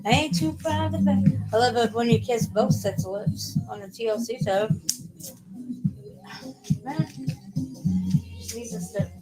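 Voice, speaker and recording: A woman's voice: fairly high pitch, unhurried, long pauses, low-quality recording. A woman streamer in casual livestream chat at home, rambling and swearing heavily. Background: loud music playing.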